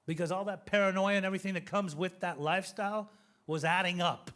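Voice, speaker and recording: A man in his fifties with a notably high voice gives a recovery testimony. He tells his story with animated, joking energy. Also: quick pace. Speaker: recovery speaker.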